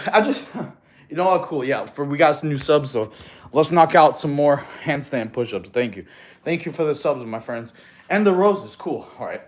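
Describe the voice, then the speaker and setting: A man's voice: medium pitch, lively intonation, normal speed. Easygoing male streamer in an echoey room. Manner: laid-back slangy talk, calls viewers bro. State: out of breath while counting push-ups. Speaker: fitness livestreamer. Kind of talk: casual livestream chat.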